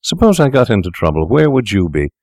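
A calm, persuasive young doctor, as a male reader puts him on, smooth and quietly menacing. His voice sits deep and low, and the dry, close recording has no room sound around it. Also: brisk, dry recording. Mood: coaxing.

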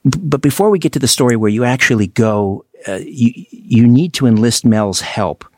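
A man hosting a radio talk show, measured and conversational. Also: mid-range voice, animated, a little mellow, dry recording, studio quality.

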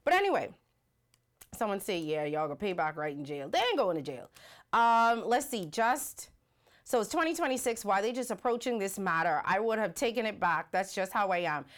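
This livestream host has a mid-range voice and talks at a normal speed. Her casual commentary is animated and rhetorical, punctuated by viewer comments she reads aloud.

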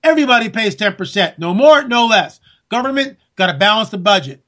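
Sarcastic male talk host, fairly high voice, ranting monologue. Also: animated, brisk, a bit bright. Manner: sarcastic, ranting, addresses listeners as folks. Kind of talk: political commentary monologue.

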